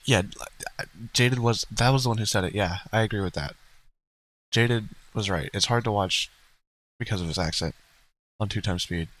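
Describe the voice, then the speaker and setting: A man's voice: fairly low pitch, moderate pace, long pauses, a bit bright, rough recording. A man co-hosting a livestream in casual, rambling chat, blunt and profane, laughing now and then. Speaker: streamer co-host.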